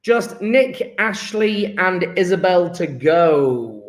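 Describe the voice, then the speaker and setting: Chatty guy teaching chemistry online, pretty high voice, echoey room. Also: moderate pace. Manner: upbeat, joking, chatty with students. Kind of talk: live online lesson, chatty register.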